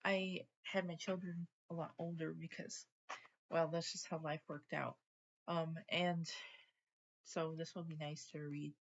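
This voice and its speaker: A woman in her forties, a book vlogger, chats casually in a home vlog with a deep, creaky, husky voice, the recording's highs cut off. She's talkative and easily sidetracked, rambling from one topic to the next.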